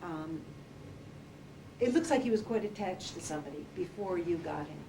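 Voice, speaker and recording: A woman working as an animal communicator, talking gently and hesitantly in a relaxed consultation, with many fillers. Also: fairly low pitch, moderate pace. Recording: distant, roomy, noisy field recording.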